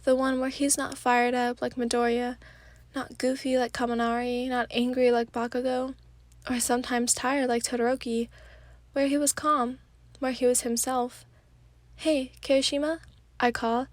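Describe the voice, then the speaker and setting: A tired woman with a stuffy nose reads a listener story in a soft, sleepy ASMR way. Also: a little high, little pitch movement, moderate pace, dry recording.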